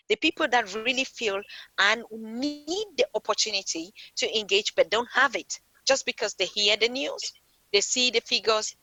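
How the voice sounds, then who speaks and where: A woman's voice: medium pitch, sharp tone, dry recording, rough recording. A woman speaking as a guest on a talk show, impassioned and rising in bursts. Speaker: panel guest. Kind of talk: passionate discussion.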